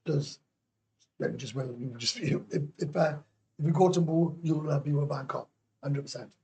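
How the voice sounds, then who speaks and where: A man's voice: on the high side, normal speed, darkish tone, breathy edge. A man with a Welsh accent chatting casually on a livestream, bluntly answering viewer comments, swearing freely and repeating himself. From Wales. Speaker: livestream host. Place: indoors, living in Thailand.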